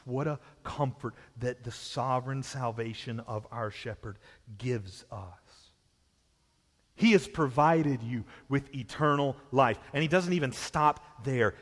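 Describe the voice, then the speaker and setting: A man with a Southern US accent preaching a sermon as pastor, emphatic and shifting between hushed and loud passages. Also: medium pitch. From Southern United States. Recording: long hall reverb.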